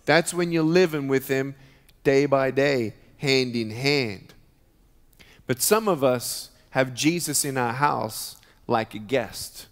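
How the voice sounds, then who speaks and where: A man's voice: medium pitch, slow pace. Emphatic man preaching in a reverberant hall. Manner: emphatic, preaching with rising intensity. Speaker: guest speaker. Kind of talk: sermon. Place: church.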